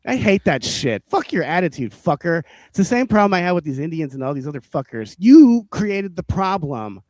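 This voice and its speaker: A man telling rambling stand-up stories on a podcast, profane and animated, often laughing and acting out the people he quotes. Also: a little high, quick pace, no room sound. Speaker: podcast co-host, stand-up comic. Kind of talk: casual storytelling chat.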